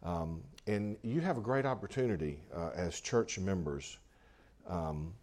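A pastor preaching a sermon in a conversational way, often restarting and repeating phrases. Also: male voice, sits low, lively intonation, a little slow, a little mellow.

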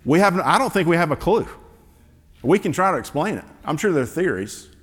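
A man's voice: a little high, sing-song, brisk. Guy preaching, chatty sermon, lots of um and rhetorical questions, long hall echo. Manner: conversational, asks rhetorical questions, frequent fillers. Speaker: pastor.

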